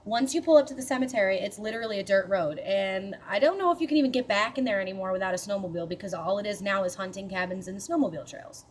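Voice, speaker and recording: A woman's voice: medium pitch, quick pace, hardly any pauses, a little hiss or hum. Woman, casual storyteller, profane and chatty, skeptical edge, mid-range voice. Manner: chatty and profane, with many fillers and asides; mildly skeptical, matter-of-fact. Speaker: storyteller recounting a paranormal experience.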